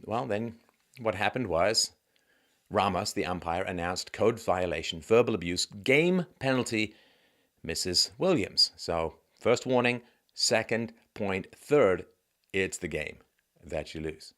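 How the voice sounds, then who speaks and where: A male host delivering a monologue commentary in a sardonic, musing tone, dropping dry asides. His pitch is lively and wide-ranging, rising and falling as he talks things through. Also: slow pace.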